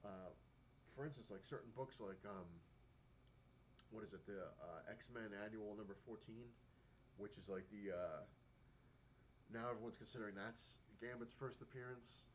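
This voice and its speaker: A man's voice: on the low side, moderate pace, long pauses, slight background noise. A man vlogging casually about collecting comic books, rambling and chatty, with lots of fillers and acted-out quotes. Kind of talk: casual talking-to-camera vlog.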